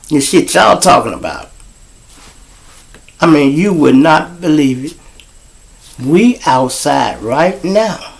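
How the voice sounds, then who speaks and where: A middle-aged man, gravelly and fairly high-voiced, telling street stories to a live audience. He talks slowly and bluntly, cursing and mocking, and he is recorded outdoors. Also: lively intonation. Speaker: show host and storyteller.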